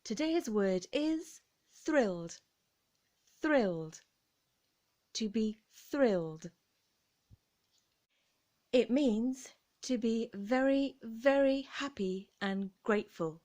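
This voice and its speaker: Slow, precise English woman teacher. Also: a little high, animated, darkish tone. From England. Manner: careful, deliberate articulation with encouraging tone. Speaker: English teacher and vocal coach. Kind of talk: slow, clearly enunciated pronunciation lesson.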